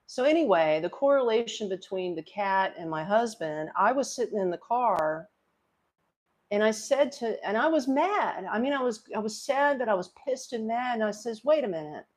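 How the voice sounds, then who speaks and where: A woman's voice: a little high, lively intonation, normal speed. A middle-aged woman chats casually with her live audience, telling a story in a loose, rambling way. She is openly emotional and speaks directly to the people watching. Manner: rambling, emotional, talks straight to viewers. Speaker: livestream host.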